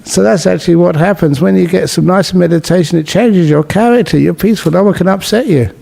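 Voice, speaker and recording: A Buddhist monk giving a relaxed dharma talk at a city meditation centre, teaching gently and mixing in humorous stories. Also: male voice, high-pitched, fairly quick, vocal fry. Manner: humorous, storytelling with jokes.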